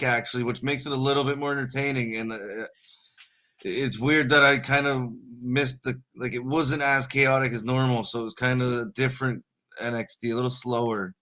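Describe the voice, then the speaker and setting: A man's voice: medium pitch, bright, forceful tone. A man co-hosting a live wrestling watch party, chatting in an easygoing, rambling way. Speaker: co-host. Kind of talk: casual live-stream chat.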